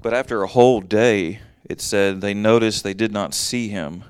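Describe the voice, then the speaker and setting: A man with a low, resonant voice leads a casual Bible teaching. He reads a passage, then explains it in plain everyday words. The sound is dry and close, with almost no room around it. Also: moderate pace, clean tone, no room sound. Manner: conversational, reads verses then explains them in plain talk.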